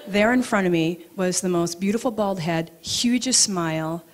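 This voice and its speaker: A middle-aged woman telling personal stories at a live event, animated and acting out both sides of her conversations. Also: fairly low pitch, moderate pace, a little hiss or hum. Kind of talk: live storytelling talk. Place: event venue, audience present.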